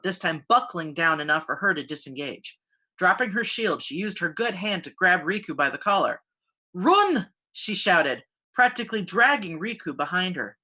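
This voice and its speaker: Bright-voiced woman reading fiction. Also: fairly low pitch. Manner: expressive, steady narration. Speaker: fiction reader. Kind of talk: audiobook fantasy reading.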